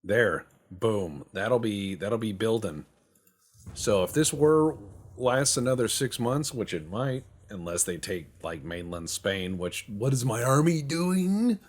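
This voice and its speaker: Husky low-voiced man rambling over gameplay. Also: expressive, slow pace. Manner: rambling, joking, profane banter. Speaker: game streamer. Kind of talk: casual gameplay commentary.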